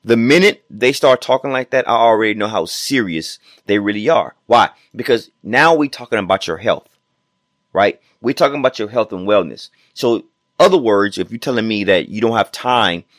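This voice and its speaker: A man's voice: lowish voice, no echo, clean studio sound. A man hosting his own podcast as a personal trainer, giving an emphatic, repetitive motivational talk full of rhetorical questions.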